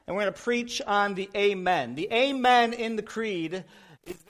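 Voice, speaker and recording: A man with a high voice preaches from the pulpit. He is folksy and likes to joke, telling stories to make his point. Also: animated, normal speed, fairly bright tone. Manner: folksy, joking storyteller. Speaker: pastor. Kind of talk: sermon.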